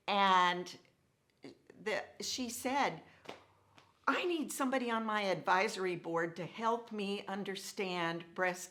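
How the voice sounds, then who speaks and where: Woman telling a story with lively dialogue. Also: mid-range voice. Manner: animated, acts out quoted dialogue. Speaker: speaker telling her story. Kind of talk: personal storytelling talk.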